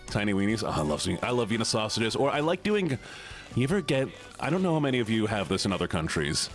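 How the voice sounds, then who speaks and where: Animated young man streamer chatting. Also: fairly low pitch, fast, soft background music. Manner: animated, laughs often, reacts to chat. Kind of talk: casual livestream chat reading.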